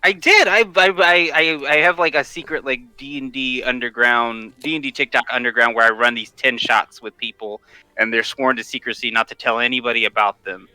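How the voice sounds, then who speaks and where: A man's voice: medium pitch, fairly even intonation, brisk, bright, forceful tone, clear, resonant tone, no room sound, soft background music, rough recording. A man from Washington state, chatting as a podcast guest, enthusiastic and laughing often, with stammering restarts. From Washington state, USA. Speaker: guest, tabletop content creator. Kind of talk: casual interview chat.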